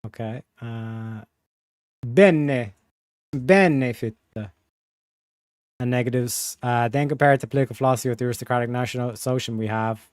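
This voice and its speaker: A male streamer reads through an article on a close desk mic, and his mid-pitched voice sounds dry and close. He keeps cutting in with sarcastic, crude remarks. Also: moderate pace, long pauses, a little mellow, clean tone, dry recording. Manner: sarcastic asides, crude language. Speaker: livestreamer. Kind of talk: casual livestream, reading text aloud with commentary.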